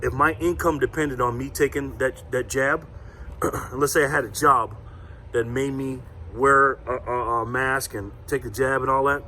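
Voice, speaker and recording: A man's voice: medium pitch, steady tone, measured pace, sharp tone, a little hiss or hum. A man vlogging in a casual storytelling rant, defiant and confrontational, retelling a run-in with laughs along the way. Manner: defiant, confrontational, says so himself.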